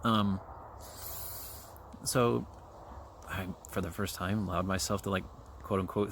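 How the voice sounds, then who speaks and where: A man's voice: low voice, fairly even intonation, takes it slowly, pauses often. A man in his forties from Kansas City, hosting a podcast solo, chewing gum and talking casually with lots of fillers and swearing while out on a trail. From Kansas City, USA. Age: 40s. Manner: rambling, profane, with many fillers and asides. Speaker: podcast host. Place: outdoors on a trail. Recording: faint outdoor background noise.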